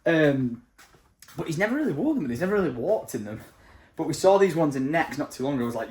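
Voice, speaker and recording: Brief: excitable dad vlogger in his thirties, casual chat, swooping lively delivery, faint hiss behind. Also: on the high side, fast, rough recording. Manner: chatty, excitable, cheers loudly at his toddler. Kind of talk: casual vlog narration.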